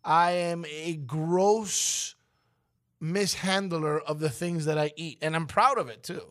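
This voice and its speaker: High-voiced man hosting morning radio. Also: slow pace. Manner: wry, dry, deadpan jokes. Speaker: radio host. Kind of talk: casual morning radio banter.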